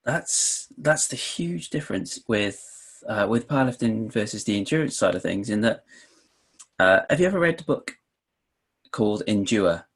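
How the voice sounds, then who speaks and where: A man from the UK chatting casually on a podcast, telling a story in a relaxed way with some swearing. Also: lowish voice, moderate pace, breathy edge.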